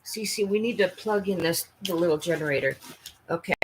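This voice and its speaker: A woman hosting a casual livestream chat, talking earnestly and haltingly with frequent restarts. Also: fairly low pitch, background noise. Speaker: livestream host.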